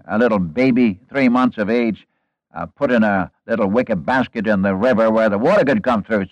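A man's voice: fairly low pitch, dry recording, rough recording. A man preaching a sermon, retelling a Bible story in an earnest, folksy way with rhetorical questions and asides to the congregation.

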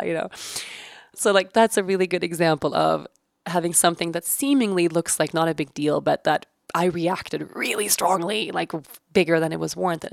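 Woman podcast host, 30s, candid and loose-tongued, slightly low gravelly voice, dry close mic. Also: no echo. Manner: candid, swears casually, laughs often, acts out quotes. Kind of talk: personal reflective podcast monologue.

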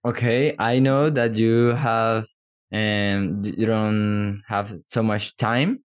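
Halting male host. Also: fairly low pitch, fairly even intonation. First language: Spanish. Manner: halting, searches for words, many restarts. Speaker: podcast host. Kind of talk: casual interview.

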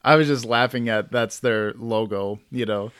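A man's voice: mid-range voice, normal speed, a bit bright, clear, resonant tone, dry recording. A man hosting a casual podcast chat, who laughs often and stumbles over names. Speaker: podcast host.

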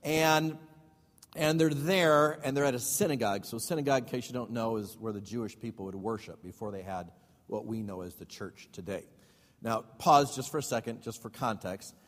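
A man's voice: mid-range voice, moderate pace. A male pastor teaching a Bible study sermon. He reads scripture aloud and then explains it in casual asides with questions to the congregation. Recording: long hall reverb.

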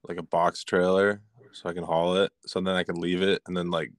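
Very deep-voiced laid-back guy. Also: flat delivery, fairly quick, no room sound, clean studio sound. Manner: laid-back slangy talk. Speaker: podcast regular. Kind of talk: casual podcast chat.

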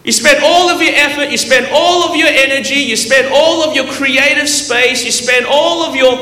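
A man's voice: very high voice, normal speed, sharp tone, pitched above the performer's own voice. A man preaching who quotes an exasperated Jesus scolding humanity in a raised, incredulous voice. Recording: echoey hall with long reverb.

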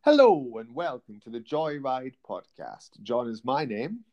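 A man's voice: medium pitch, very animated, measured pace, darkish tone, highs cut off, soft background music. Rambling, hesitant man hosting a podcast. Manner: rambling, hesitant, with many fillers. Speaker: podcast host. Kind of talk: casual chat.

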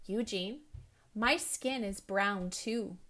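A woman voicing a kind, calm male school principal who speaks quietly and patiently in a storybook reading. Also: mid-range voice, slow pace. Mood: soothing.

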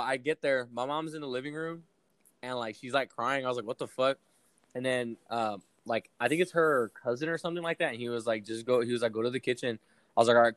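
A man's voice: mid-range voice, no echo. A young man casually telling a long story to friends, rambling and profane with lots of fillers. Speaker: podcast co-host telling a story.

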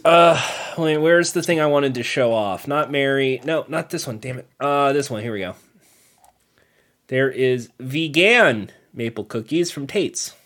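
A man's voice: mid-range voice, lively intonation, measured pace, fairly bright tone. A man co-hosting a casual chat show, joking and teasing his friend. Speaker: podcast co-host.

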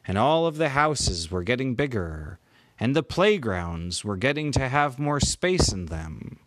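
A man makes up a children's bedtime story as he goes, in a mid-range voice. He talks slowly, pausing and correcting himself here and there. The sound is dry, with no room echo. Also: mid-range voice. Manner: unhurried, with pauses and small self-corrections.

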